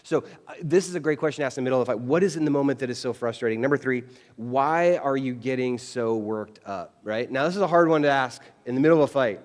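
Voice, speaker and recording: This fast-talking pastor has a mid-range voice that fills a large church sanctuary. His sermon feels casual and conversational, and he animatedly performs snippets of everyday quoted dialogue in a chatty way.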